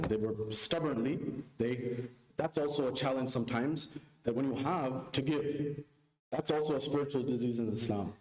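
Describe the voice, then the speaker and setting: A man giving a sermon, telling a story and acting out its dialogue with big pitch jumps. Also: moderate pace, darkish tone. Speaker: preacher. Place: mosque hall. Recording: echoey mosque hall.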